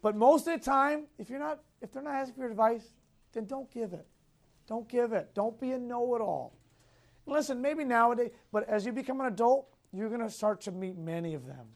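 Very high and a bit creaky, this man's voice carries lively intonation and a slightly fast pace. He's a youth Bible teacher leading a Sunday school class, restating key points, asking questions, and chuckling frequently through personal tales.

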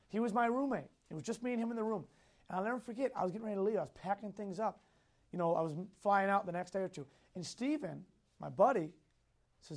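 Here a high-pitched man works as a youth Bible teacher, giving a Sunday school lesson. Chuckling often through personal anecdotes, he keeps repeating the main points and questioning his class.

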